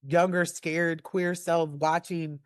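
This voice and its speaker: A woman in her forties, a guest in a personal conversation, choked up and earnest, speaking haltingly with many restarts and fillers. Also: lowish voice, level tone, dry recording, studio quality. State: tearful, choked up. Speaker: interview guest.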